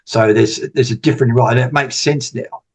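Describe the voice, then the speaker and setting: A man's voice: medium pitch, fairly even intonation, a little fast, husky. A man in his sixties, a podcast guest telling stories in casual talk, rambling and repeating words. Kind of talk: casual storytelling interview.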